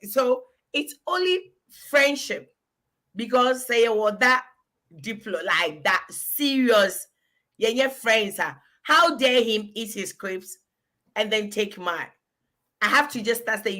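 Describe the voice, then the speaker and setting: Lively Ghanaian woman, bright voice. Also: a little high, measured pace. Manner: animated, storytelling, breaks into laughter. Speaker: guest. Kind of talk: casual talk show chat.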